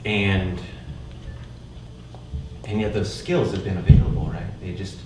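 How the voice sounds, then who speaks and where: A man's voice: low-pitched, a little slow. Man telling a story on stage, very echoey. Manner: conversational, keeps checking in with "right?". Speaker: one-man show performer. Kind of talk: theatrical storytelling monologue. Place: live stage in a theater. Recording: echoey room, mic far off, noisy.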